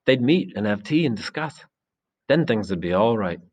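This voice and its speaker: A man's voice: on the low side, expressive, normal speed, pitched above the performer's own voice. A man reading aloud, voicing a chubby, anxious, thoughtful schoolboy. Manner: worried, pleading.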